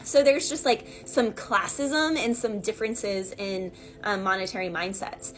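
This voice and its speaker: A woman's voice: mid-range voice, fairly even intonation, measured pace, a bit bright. A woman giving a casual, rambling tarot reading, talking in a chatty way full of fillers and asides. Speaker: tarot reader.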